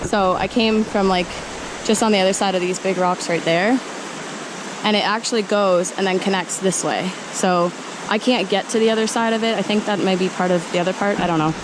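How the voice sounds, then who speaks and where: Young woman, casual hiking vlog, giggly storytelling, handheld camera, noisy outdoor recording by rushing water. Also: mid-range voice, fairly even intonation. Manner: chatty, giggly, self-deprecating storytelling. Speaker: vlogger. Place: outdoors in a gorge by flowing water. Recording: outdoor noise, flowing water. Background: flowing water.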